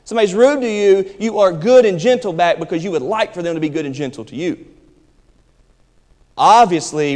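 A man preaching a sermon as pastor in a church, with emphatic delivery that moves between quick asides and slow, stressed phrases. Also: sits high, lively intonation, darkish tone. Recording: hall reverb.

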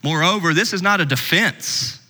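A man preaching a sermon as pastor, swinging between loud emphasis and hushed asides. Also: high-pitched, moderate pace, long reverb tail.

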